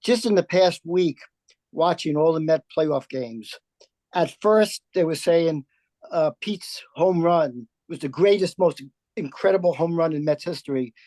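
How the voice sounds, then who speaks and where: A man's voice: a little high, unhurried, a little mellow, dry recording. Rambling older man in his seventies. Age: 70s. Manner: rambling, reminiscing. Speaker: audience member. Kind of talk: casual remarks on a video call.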